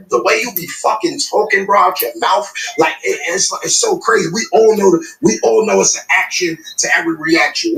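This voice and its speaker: A man argues his point in a heated podcast debate, emphatic and profane, circling back to repeat himself. His voice sits a little high with a gravelly edge. The recording is echoey, as if from an open room. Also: a bit bright. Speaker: podcast co-host.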